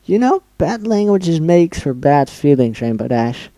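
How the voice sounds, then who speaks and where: A man's voice: a little high, sing-song, a little slow, dark tone, no room sound, pitched above the performer's own voice. A man voicing a cheerful, murderous female pink pony, bubbly and sing-song with a sweetly sinister edge. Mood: scolding.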